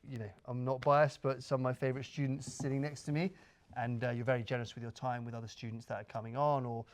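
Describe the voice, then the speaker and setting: A man hosts an interview at a live event in an office. He asks his guest steady, encouraging questions in a flat, even tone. His voice sits at an ordinary middle pitch. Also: fast. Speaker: host, founder of the training course. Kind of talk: interview host.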